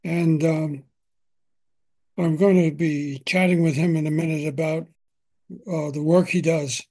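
An older man hosts an interview podcast from his home, speaking in a slightly high, darkish voice with fairly even intonation. He starts with a measured, scripted welcome, then moves to plain, direct questions for his guest.

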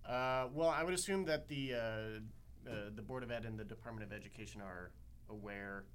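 A young man appearing as a reporter guest, answering questions in a measured, hesitant way with many fillers. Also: lowish voice, a bit bright. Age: young adult. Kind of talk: interview answers.

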